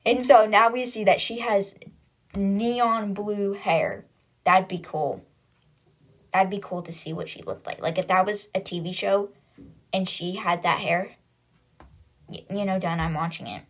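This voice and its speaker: A woman's voice: medium pitch, unhurried, pauses often, husky. A woman hosting a book podcast, casually retelling the chapters in a chatty, loose way full of "like" and paraphrase.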